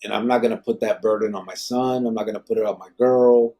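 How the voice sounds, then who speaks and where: Reading viewer comments on his live podcast, this Arizona host and former gang member talks fast in a fairly low, steady voice. He is blunt and emphatic and swears freely. The highs in the recording are cut off.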